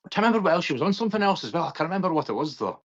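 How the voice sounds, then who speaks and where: A young man co-hosts a laid-back podcast, easygoing and quick to throw out new topics. His voice rises and falls a lot, and the recording sounds dull and lo-fi. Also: on the high side, very animated, fairly bright tone. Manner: easygoing, prompts the other host with topics. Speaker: podcast co-host. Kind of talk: casual chat.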